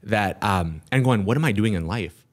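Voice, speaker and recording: Animated male podcast guest telling a story. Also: lowish voice. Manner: animated, rushes through with restarts. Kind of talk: casual storytelling interview. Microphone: podcast studio mic.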